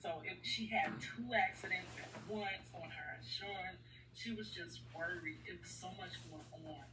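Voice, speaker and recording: A woman vlogger tells a personal story in an earnest, rambling way, circling back and repeating herself. Her voice sits a little low yet rings bright and forward. She sounds some distance from the mic in an echoey room with a faint hiss behind her. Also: normal speed.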